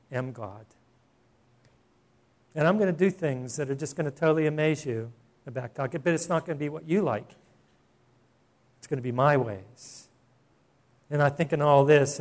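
A man preaching a sermon in a conversational way, often asking the congregation questions. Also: on the high side. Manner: conversational preaching with rhetorical questions and soft laughs. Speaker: pastor.

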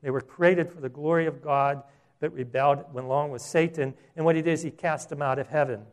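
Animated preaching man, fairly high voice. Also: fairly quick. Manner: animated preaching, swings between loud emphasis and quiet asides. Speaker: pastor. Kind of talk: sermon.

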